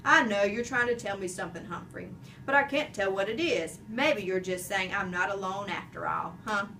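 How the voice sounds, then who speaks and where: A woman voicing a jolly mustached male night janitor who booms, jokes and roars with laughter. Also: moderate pace, far from the mic, background noise, lightly acted. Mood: friendly. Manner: booming, jokey, big roaring laugh.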